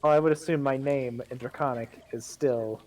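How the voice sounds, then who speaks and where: A man's voice: mid-range voice, fairly even intonation, moderate pace, a little mellow. A man playing in a tabletop game, playful and joking as he chats. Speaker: player. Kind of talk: casual tabletop play.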